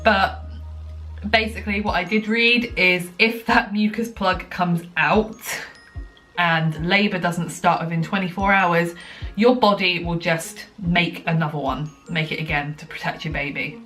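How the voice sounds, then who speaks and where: A woman's voice: on the low side, fairly even intonation, measured pace, fairly bright tone, faint music behind. A young woman chatting casually to camera at home, a little out of breath, rambling with lots of ums and likes. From United Kingdom. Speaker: vlogger. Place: at home, indoors.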